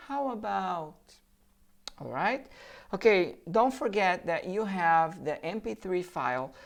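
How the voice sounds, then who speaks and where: Brazilian-accented woman, teacher running an English word drill, deep voice, slow and deliberate. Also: lively intonation, gravelly. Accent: Brazilian Portuguese. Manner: deliberate, models each word for repetition. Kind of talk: vocabulary pronunciation drill. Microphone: handheld or desk microphone.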